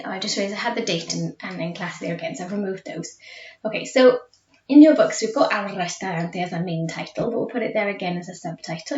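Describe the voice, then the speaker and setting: A woman's voice: mid-range voice, a little mellow. A woman, a school Spanish teacher, explains step by step in a recorded video lesson and often checks in with "okay?". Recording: echoey, distant, dull classroom recording.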